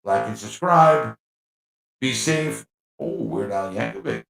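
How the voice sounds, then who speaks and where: Gravelly man hosting a chatty livestream. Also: on the low side, expressive, slow. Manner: rambling, chatty, laughs at himself. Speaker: livestream host. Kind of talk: casual livestream chat. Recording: echoey mic with faint music.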